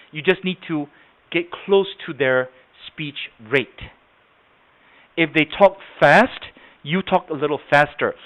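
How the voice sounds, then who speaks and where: A man running a live sales training webinar, explaining step by step and often checking in with "okay?". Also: fairly high pitch. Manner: explains with frequent "okay?" check-ins and acted examples. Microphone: computer mic on a video call. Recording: tinny phone-like webinar audio.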